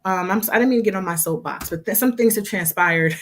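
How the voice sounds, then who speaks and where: A woman on a casual livestream talking to her members, chatty and quick to laugh, with plenty of fillers and restarts. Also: mid-range voice. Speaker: hair business owner and instructor.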